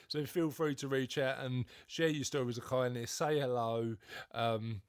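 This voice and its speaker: A man co-hosting a casual podcast, chatty and rambling, with many fillers and quick laughs. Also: mid-range voice, fairly even intonation, clear, resonant tone. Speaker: podcast co-host. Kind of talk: casual chat.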